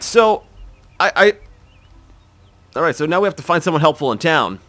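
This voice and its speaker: Chatty man with lively delivery. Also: a little high, moderate pace, pauses often, dry recording. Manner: chatty, wry, rambling with restarts. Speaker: gaming video host. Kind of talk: game playthrough commentary.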